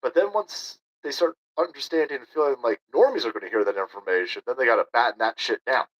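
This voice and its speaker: A man's voice: mid-range voice, fast talker, highs cut off. A man doing a profane, mocking reaction commentary on a video clip as a streamer.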